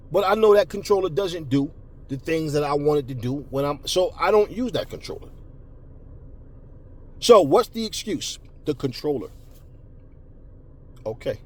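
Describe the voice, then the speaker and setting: A man telling a casual, profane story as a boxing commentator, animated and repetitive, slipping into voices for the people he quotes. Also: fairly high pitch, moderate pace, long pauses, slight background noise.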